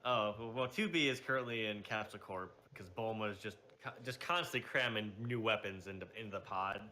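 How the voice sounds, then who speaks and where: A man's voice: fairly low pitch, fairly quick, sharp tone, a little hiss or hum. A man playing a tabletop game, describing his turn in a rambling, laid-back way. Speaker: player. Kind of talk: casual tabletop play.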